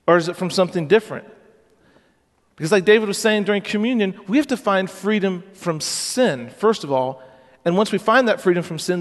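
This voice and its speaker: A man's voice: high voice, in a large hall. A man preaching a sermon as pastor, earnest and urgent, asking the congregation questions.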